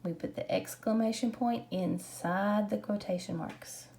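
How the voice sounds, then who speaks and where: A woman teaching a grammar lesson, explaining punctuation slowly and patiently. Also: mid-range voice, fairly even intonation, creaky, dark tone, a little hiss or hum.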